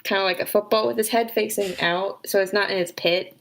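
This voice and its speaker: A woman's voice: medium pitch, moderate pace, gravelly, hardly any pauses, a bit bright, poor audio. A woman playing a tabletop game, chatting and describing her character's actions. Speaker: player.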